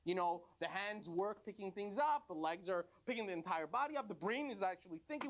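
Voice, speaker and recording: Rabbi guy telling a story, jokey and animated. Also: high voice, fairly quick, hardly any pauses. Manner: joking, animated. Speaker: rabbi lecturer.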